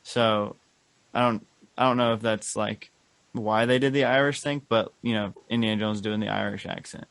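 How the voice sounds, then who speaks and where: A man's voice: lowish voice, steady tone, moderate pace, creaky, a bit bright, no room sound. Dry-sounding man in eager podcast chat. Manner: enthusiastic, rambling, many fillers. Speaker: podcast co-host. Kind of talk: casual chat.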